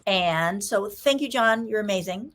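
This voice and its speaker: A woman host closes the interview at an unhurried pace. She thanks her guest and speaks to her viewers. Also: medium pitch, expressive, fairly bright tone. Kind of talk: interview sign-off.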